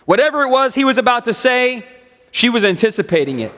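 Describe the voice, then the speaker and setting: A male preacher tells a story from the pulpit, stacking repeated phrases for dramatic build. His voice sits high for a man. A long church-hall reverb trails his words. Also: very animated, fast talker, a bit bright. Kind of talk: sermon storytelling. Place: church sanctuary.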